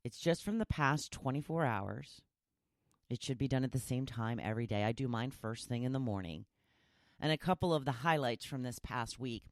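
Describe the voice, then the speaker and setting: A woman's voice: very deep voice, lively intonation, normal speed, dry recording, clean studio sound. A woman hosting a podcast, chatting casually and bubbly with her listeners and laughing often. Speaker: podcast host.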